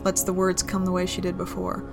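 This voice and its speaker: Brief: woman storyteller, gravelly low voice, even delivery, faint music underneath. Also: fairly quick. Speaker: narrator. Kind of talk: reading an adult romance story aloud.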